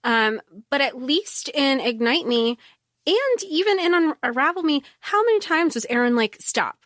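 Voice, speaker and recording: A woman's voice: sits high, expressive, normal speed, fairly bright tone, no echo, clean studio sound. A woman co-hosting a podcast in casual book chat, thinking aloud with many hedges. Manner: thoughtful, hedging, many fillers. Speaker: podcast co-host.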